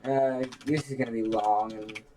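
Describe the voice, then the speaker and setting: A man's voice: medium pitch, steady tone, moderate pace, background noise. A man co-hosting a casual chat, dry and a little exasperated, often correcting his partner. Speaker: co-host.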